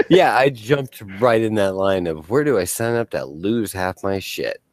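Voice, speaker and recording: A man's voice: on the low side, animated, a little slow, darkish tone, no echo. A man hosting a casual panel chat who tells rambling, joking stories and swears freely.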